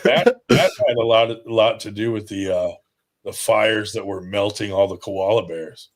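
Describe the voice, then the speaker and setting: Low-voiced man, loose swearing podcast chat. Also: moderate pace. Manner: loose, swears freely, rambling. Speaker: podcast host. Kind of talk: casual chat.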